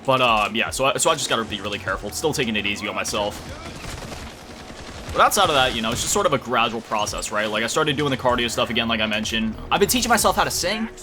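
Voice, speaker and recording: A young man in a relaxed, chatty gaming commentary, drifting from thought to thought and swearing casually. His voice sits at a middling pitch. Loud game music and bursts of gunfire play underneath. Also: fast. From Florida. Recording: music playing loudly under the voice.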